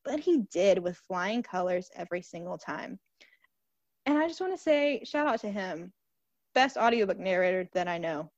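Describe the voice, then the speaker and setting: A woman co-hosting a podcast in casual chat, gushing and animated and swearing freely. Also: mid-range voice, normal speed, no echo, muffled recording. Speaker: podcast co-host.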